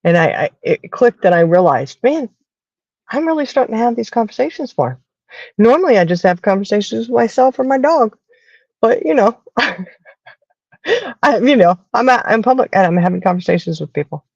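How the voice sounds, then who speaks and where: Chatty Southern woman, gravelly voice. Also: mid-range voice, expressive, a little fast, darkish tone, no room sound, lo-fi sound. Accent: Southern American. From American South. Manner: chatty storyteller, acts out quoted voices. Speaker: podcast host. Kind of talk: casual chat.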